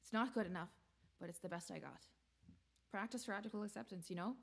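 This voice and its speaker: A woman's voice: mid-range voice, brisk, creaky, breathy edge. A woman hosting a live-streamed variety show, chatting casually and bantering in a rambling way.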